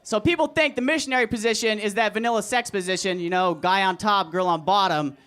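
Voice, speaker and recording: A young man doing a crude, deadpan, self-deprecating stand-up comedy set at an open mic in a comedy club. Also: sits high, quick pace, smooth. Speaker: stand-up comic. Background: audience laughter.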